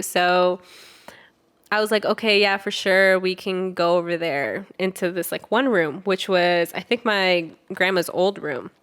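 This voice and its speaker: A woman's voice: mid-range voice, fairly bright tone, smooth. A young woman co-hosting a podcast, casually telling a story, acting out the quoted voices and swearing freely. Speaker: podcast co-host.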